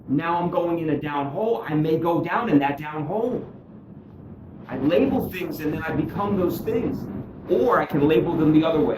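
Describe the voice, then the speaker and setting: A man giving candid spoken testimony about his recovery, earnest and self-deprecating, dropping low and quiet, then climbing high and excited as he tells the story. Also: a little fast, roomy sound, recorded from a distance, background noise. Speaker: guest speaker sharing his recovery story.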